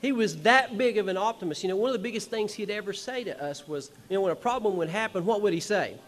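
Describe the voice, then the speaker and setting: A man's voice: high voice, lively intonation, fast. A man speaking on a concert hall stage, telling family stories in a folksy, rambling, emotional way with small chuckles. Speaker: son of the honored musician, speaking at a tribute show. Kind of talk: personal stage speech.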